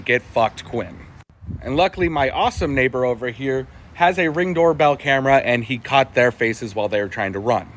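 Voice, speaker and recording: A man telling a personal story in an animated way, amused and laughing as he tells it. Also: mid-range voice, slight background noise. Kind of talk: storytime narration.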